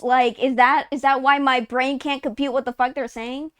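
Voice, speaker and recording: A woman's voice: high-pitched, level tone, normal speed, few pauses, a bit bright, smooth, no room sound. A woman in her twenties from Texas, chatting casually on a live stream, rambling, swearing often and saying "like" constantly. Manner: rambling, profane, heavy use of "like".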